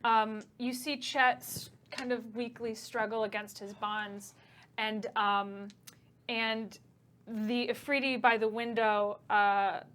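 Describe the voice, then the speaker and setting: A woman's voice: on the high side, little pitch movement, slow, a bit bright. A young adult woman narrating a tabletop game as game master, chatty and casual with many fillers.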